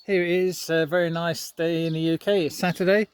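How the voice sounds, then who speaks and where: High-voiced man vlogging from his garden. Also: little pitch movement, fairly quick, smooth. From United Kingdom. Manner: chatty, coaxing pets in a sing-song voice. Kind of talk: casual outdoor vlog chat. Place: garden outdoors.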